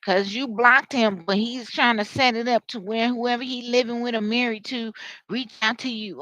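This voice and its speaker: A woman giving a live tarot reading, talking to viewers in an animated, slangy way. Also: fairly high pitch, moderate pace, dry recording, highs cut off. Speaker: tarot reader.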